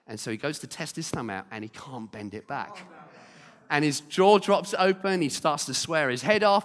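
A man preaches in a lively storytelling way, acting out the people in his stories. His voice sits a little high for a man. Long reverb from a large church hall hangs on his words. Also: normal speed. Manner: lively storyteller, acting out quotes, direct to congregation. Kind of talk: storytelling sermon.

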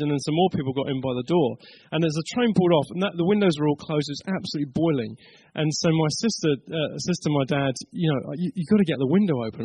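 Husky high-voiced man preaching. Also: no room sound, rough recording. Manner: chatty storyteller, laughs at his own tale. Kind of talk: sermon with a told story.

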